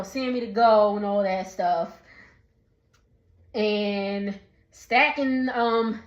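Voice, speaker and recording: A woman chats her way through a film recap, full of fillers and quick acted-out lines. Her voice sits on the higher side and she talks at an unhurried, drawn-out pace. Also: a bit bright, rough recording. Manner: chatty, many fillers, acts out lines. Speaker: vlogger.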